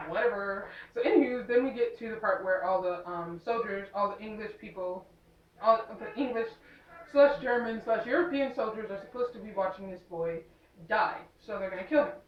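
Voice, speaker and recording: A woman's voice: mid-range voice, a little fast, echoey room, distant mic, muffled recording. A young woman casually recapping a movie, rambling with lots of fillers and sarcastic asides. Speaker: movie reviewer.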